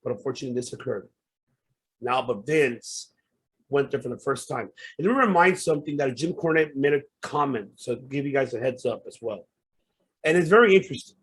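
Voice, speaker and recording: Podcast host, male, a touch high and husky, hot-tempered and profane rant. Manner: heated, profane ranting.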